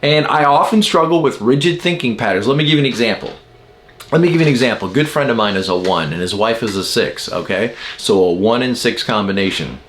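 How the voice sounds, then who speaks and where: A man's voice: medium pitch, fast, a little hiss or hum. A man giving a casual talk about personality types. He explains patterns with everyday examples and sometimes acts out the people in his stories. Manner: animated storytelling with acted quotes. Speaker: Enneagram teacher.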